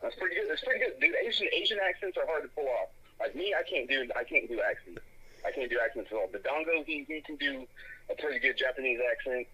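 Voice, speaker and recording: A man's voice: medium pitch, lively intonation, quick pace, pushed and bright, husky, muffled recording. A man who is a podcast guest, talking in laid-back casual chat, swearing casually and repeating himself.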